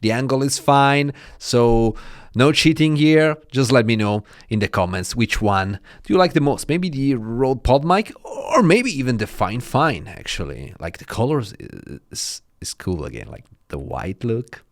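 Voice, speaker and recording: A man's voice: mid-range voice, big pitch swings, a little slow. A man with an Italian accent giving a casual, chatty review of microphones, full of fillers. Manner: chatty, informal, frequent fillers. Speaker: tech reviewer. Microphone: studio microphones being tested.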